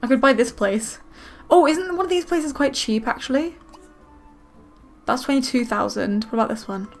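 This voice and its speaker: Woman, casual gameplay commentary host; high voice, excitable, gushing. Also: normal speed, faint music behind. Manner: excitable, gushing, squeals with delight. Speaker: gaming video host.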